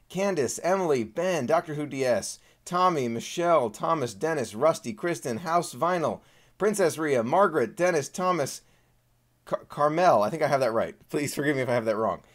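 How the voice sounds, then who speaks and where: A man hosting a live Q&A stream, greeting viewers by name in a friendly, chatty way. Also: on the high side. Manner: friendly, reads out viewer names and countdowns, gets choked up at times. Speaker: Disney vlogger hosting a live Q&A.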